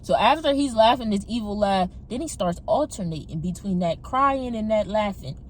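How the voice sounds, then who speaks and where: A young woman casually telling her personal testimony to her viewers on a phone camera, animated and talking straight to them. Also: medium pitch, moderate pace, a little hiss or hum. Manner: animated, addresses viewers as y'all. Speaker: testimony vlogger.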